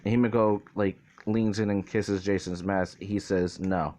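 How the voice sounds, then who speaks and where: A man's voice: fairly low pitch, steady tone, normal speed, darkish tone. Rambling man telling a story. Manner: rambling, profane, full of fillers like "basically" and "like". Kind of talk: casual spoken retelling of a fan story.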